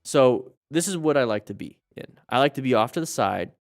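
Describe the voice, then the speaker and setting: Smooth-voiced man coaching riders. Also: mid-range voice, a little fast. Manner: lively, coaching, jokey asides. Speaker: motorcycle riding instructor. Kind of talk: live crash video commentary.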